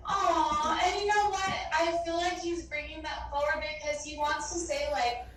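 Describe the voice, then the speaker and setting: A woman's voice: sits high, fairly even intonation, normal speed, fairly bright tone. A woman giving a psychic medium reading in a chatty, affectionate way, full of "like" and calling the listener babe. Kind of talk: casual spoken reading. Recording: echoey and distant with faint noise.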